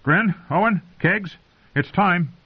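A man's voice: sits high, takes it slowly, slightly rough, pitched above the performer's own voice, full character voice. Male narrator doing tired young commander, raised clipped orders, lo-fi phone tone. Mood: commanding. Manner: curt barked orders. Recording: tinny phone-like audio.

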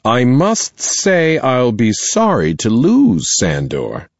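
A man voicing a stern middle-aged female school principal in an audiobook, formal and slow. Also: medium pitch, huge pitch swings, no room sound, lo-fi sound, pitched above the performer's own voice, exaggerated voice. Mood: regretful. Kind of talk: audiobook character voice.

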